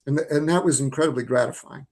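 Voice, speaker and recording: A man in his sixties, a filmmaker being interviewed over a video call, telling stories in a lively, animated way. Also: medium pitch, quick pace. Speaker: filmmaker guest. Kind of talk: storytelling interview answers.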